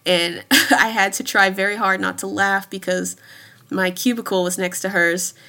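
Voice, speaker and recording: Woman, 30s, bright voice, easygoing podcast guest, laughs a lot. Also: mid-range voice, fairly even intonation, normal speed. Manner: chatty, laughs often between thoughts. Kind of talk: casual chat.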